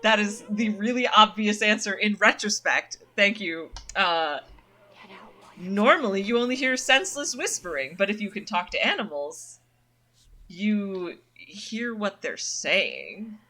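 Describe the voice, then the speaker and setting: Lively woman streamer thinking out loud, bright voice. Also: mid-range voice, measured pace. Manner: thinks aloud, animated and chatty. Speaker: game streamer. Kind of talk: casual let's-play commentary. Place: her own dim room at night.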